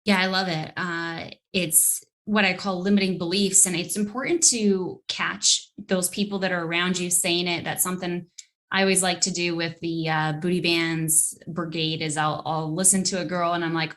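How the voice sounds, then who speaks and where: A woman's voice: fairly low pitch, fairly even intonation, moderate pace, fairly bright tone. A woman hosting a podcast who coaches women in fitness, enthusiastic and chatty. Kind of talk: casual podcast talk.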